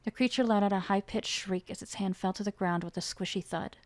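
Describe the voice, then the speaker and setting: A woman gives a dramatic reading of a chapter from her own fantasy novel in a mid-range voice, steady in tone and fairly quick. There's no room sound, and she lifts her voice for the dialogue, reading the characters' lines with rising emotion.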